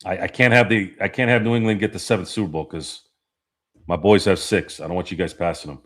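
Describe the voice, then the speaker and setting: A man's voice: deep voice, steady tone, brisk, fairly bright tone. A man hosting a casual sports talk stream, rambling, swearing and laughing as he reads the chat. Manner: rambling, profane, laughs often. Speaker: podcast host.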